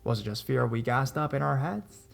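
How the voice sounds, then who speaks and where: A man reading out first-person scary stories as a horror channel narrator, steady with tense rises. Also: medium pitch, normal speed, creaky. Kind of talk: scripted narration of reader stories.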